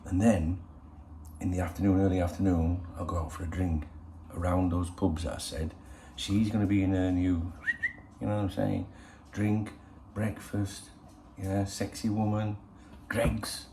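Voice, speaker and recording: A middle-aged man with a low, gravelly voice chats casually to his viewers. He rambles on in a cheeky, profane way, as the regular host of his own channel. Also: moderate pace, dark tone, a little hiss or hum. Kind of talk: casual chat. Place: in Spain.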